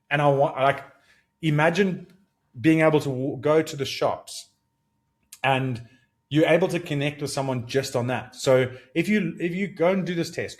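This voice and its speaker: A podcast host in his thirties reflects alone on air, his voice a little high. He comes across as earnest and animated, rising when excitement hits and calming as he reflects. He thinks aloud, often starting sentences over.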